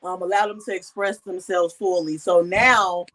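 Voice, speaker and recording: A woman sharing a personal story in casual talk, animated and acting out the voices she quotes. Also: lowish voice, moderate pace, rough recording. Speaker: guest.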